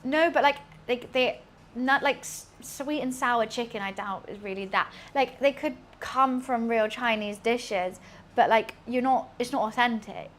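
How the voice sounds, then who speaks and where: In her home kitchen, a young British cooking streamer rambles through casual chat with fillers, chatty and quick to laugh at herself. She speaks unhurriedly in a slightly high, somewhat bright voice.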